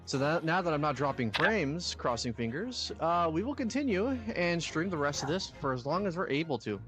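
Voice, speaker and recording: A man's voice: fairly high pitch, very animated, normal speed, a bit bright, soft background music. A man hosting a game stream, chatting casually and voicing the lines with animation, laughing often. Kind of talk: casual stream chat and reading game dialogue.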